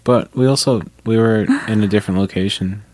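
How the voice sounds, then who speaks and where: Very deep-voiced laid-back man. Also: a little fast, a little mellow, no room sound. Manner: laid-back, adds short asides and explanations. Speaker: podcast co-host. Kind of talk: casual chat.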